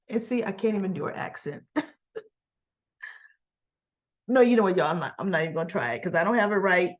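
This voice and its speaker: A woman's voice: fairly high pitch, brisk, long pauses, lo-fi sound. A woman casually recapping a soap opera episode in a chatty way, with fillers and laughs.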